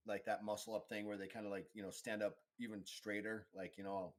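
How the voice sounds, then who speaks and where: A man's voice: fairly low pitch, fairly even intonation, brisk. A man narrating as game master of a tabletop role-playing game, rambling with many fillers and restarts.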